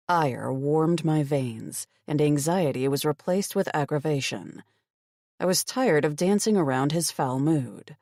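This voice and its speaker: Wry, expressive woman narrator for a first-person fantasy audiobook, close and dry. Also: sits low, unhurried, no room sound.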